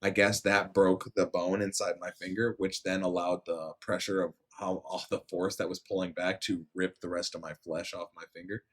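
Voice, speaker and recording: Deep-voiced man telling a wild story. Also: normal speed, few pauses. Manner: animated, swearing, jumps into high voices quoting people. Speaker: podcast host. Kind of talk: casual storytelling.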